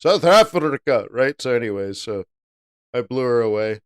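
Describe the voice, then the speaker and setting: A middle-aged man hosting a live trading stream, giving animated and jokey market commentary that breaks into loud playful bits. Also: on the low side, normal speed, smooth.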